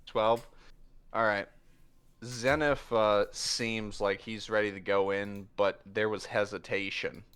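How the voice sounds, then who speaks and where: A man narrating as game master in a tabletop game, halting with many fillers. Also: fairly low pitch, little pitch movement, fairly bright tone, smooth. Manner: halting, filler-heavy narration with quick voiced asides.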